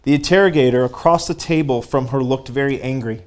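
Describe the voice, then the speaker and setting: A man preaching a sermon, reading a story aloud and pausing to speak directly to his congregation, growing fervent. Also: medium pitch.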